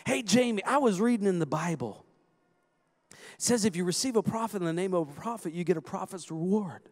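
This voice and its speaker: A man voicing a polite middle-aged male host who hints at a reward, speaking low and hushed. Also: a little fast. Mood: eager hinting.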